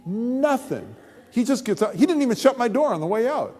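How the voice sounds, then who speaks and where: A man pastor telling his testimony in a sermon, as an animated, humorous storyteller. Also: extremely high pitch, a little fast, a little hiss or hum. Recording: long hall reverb.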